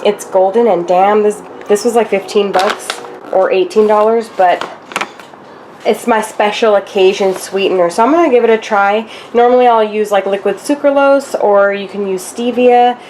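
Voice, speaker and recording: Woman, chatty home vlogger, mid pitch, kitchen, faint background hum. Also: steady tone, moderate pace, a little mellow. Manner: chatty, self-narrating while cooking and eating. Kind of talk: casual cooking vlog chat.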